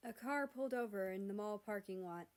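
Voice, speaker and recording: A woman narrating fan fiction aloud in a steady, measured storybook reading. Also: mid-range voice.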